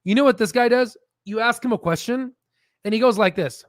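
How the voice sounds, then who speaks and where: A man hosting a casual stock market livestream, animated and swearing, with stammering restarts. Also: extremely high pitch, fairly quick, no echo, studio quality.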